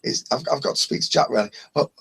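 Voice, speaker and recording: A man's voice: medium pitch, quick pace, creaky, fairly bright tone, slightly rough, heavily acted. A man voicing a male radio prankster who stammers and dodges questions on a phone call. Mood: evasive. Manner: stammering, evasive.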